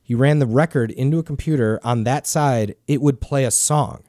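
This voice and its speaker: A man in a casual podcast chat, mid-pitched, rambling through a story with lots of fillers and swearing. The sound is dry and close. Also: moderate pace, warm tone, no room sound. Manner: rambling, loose, swears often. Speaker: podcast host.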